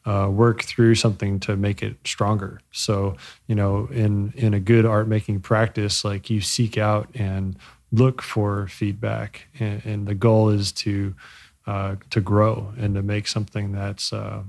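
A man being interviewed about his bike company, speaking reflectively with many pauses, fillers and restarts as he searches for words. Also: lowish voice, little pitch movement, vocal fry, darkish tone. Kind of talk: casual interview.

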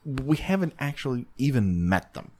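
A man's voice: mid-range voice, moderate pace. A man co-hosting a podcast, joking and laughing often in casual comedic chat. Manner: joking, animated, frequent laughs. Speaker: podcast host.

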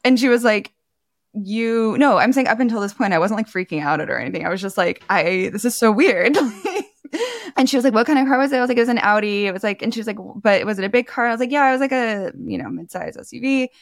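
A woman co-hosting a podcast, telling a story in a lively, laughing way and acting out the people she quotes. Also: a little high, quick pace, no room sound. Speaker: podcast co-host. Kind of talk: casual storytelling chat.

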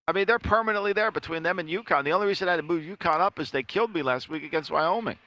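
A jokey, emphatic man co-hosts a sports betting show, throwing out picks and gags. His voice sits a little high. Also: rapid-fire, sharp tone. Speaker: co-host, betting analyst.

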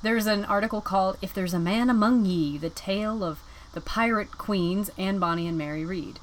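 A woman's voice: mid-range voice, moderate pace. A woman with a North Carolina twang co-hosts a casual podcast. She laughs easily and tells her stories with animation. A faint hum sits under her voice. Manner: giggly, animated storyteller. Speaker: podcast co-host. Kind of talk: casual chat. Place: inside an RV.

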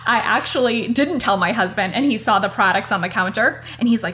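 A woman's voice: fairly high pitch, fairly quick, pushed and bright, a little hiss or hum. Chatty woman podcast host. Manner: earnest, chatty, addresses listeners as "you guys". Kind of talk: casual motivational podcast monologue.

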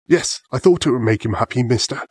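A man reading a storybook, voicing a kind male badger in a soft, gentle way. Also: mid-range voice, lively intonation, a little fast, slightly rough, dry recording, clean studio sound.

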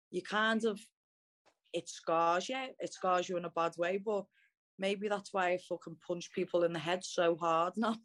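A young woman with a Liverpool accent tells her story to interviewers in a candid, casual way. She talks bluntly, swears freely and fills her speech with "like". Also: medium pitch. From Liverpool, England. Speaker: MMA fighter, interview guest.

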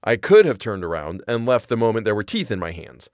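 A man tells a first-person comic story in a wry, rambling, self-deprecating way. His pitch moves a lot as he talks. The recording is close and dry. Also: very animated, fairly quick, no room sound. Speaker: narrator. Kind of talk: first-person comedic audio fiction narration.

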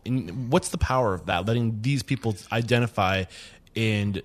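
A man with a somewhat low voice hosts an interview conversation. He asks probing follow-ups and sums up his guest's points. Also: moderate pace. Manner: probing, summarizing questions.

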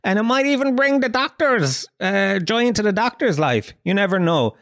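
A man's voice: sits high, animated, moderate pace, a bit bright, dry recording, clean studio sound. Rambling Irish man hosting a comic podcast. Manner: rambling, profane, jokey storytelling. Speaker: podcast host. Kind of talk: comic monologue.

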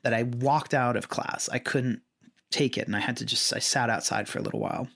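A man in an ordinary middle register tells a story in a relaxed podcast conversation. He stops and restarts often and drifts into asides. The delivery stays casual and unpolished. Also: medium pitch, creaky. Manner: halting, with frequent restarts and trailing asides.

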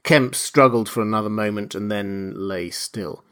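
Measured male audiobook narrator. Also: fairly low pitch, fairly bright tone, clear, resonant tone. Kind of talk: scripted narration.

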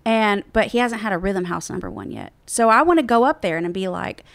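Woman telling a story, lively, bounces up high for quotes, dry close mic. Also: a little fast, vocal fry, no room sound. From Nashville-based. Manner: animated, acts out quotes in raised voice. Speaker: music publishing executive. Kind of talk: casual storytelling chat.

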